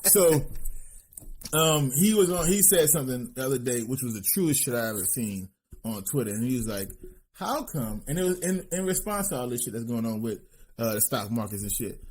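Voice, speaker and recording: A man co-hosting a podcast in casual, profane, animated chat. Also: medium pitch, brisk. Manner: animated, profane, riffing with mock voices. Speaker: podcast co-host.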